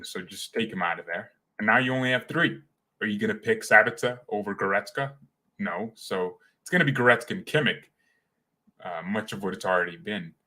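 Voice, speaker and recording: A young man hosting a casual fan livestream, talking in an animated, slangy, excitable way. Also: on the low side. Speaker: fan channel host.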